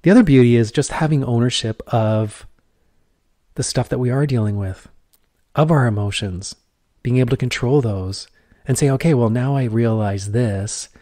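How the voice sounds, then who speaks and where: A man's voice: mid-range voice, normal speed, long pauses, warm tone, dry recording, studio quality. A middle-aged man hosting a podcast, talking earnestly in a reflective monologue with repeated phrases and rhetorical questions. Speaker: podcast host.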